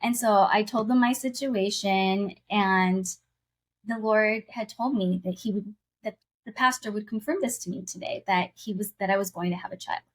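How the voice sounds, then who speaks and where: A woman speaking as a podcast guest, recounting a deeply personal faith story. Her delivery is earnest and heartfelt. She is casual and full of everyday fillers, and she stops to correct herself mid-thought. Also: normal speed.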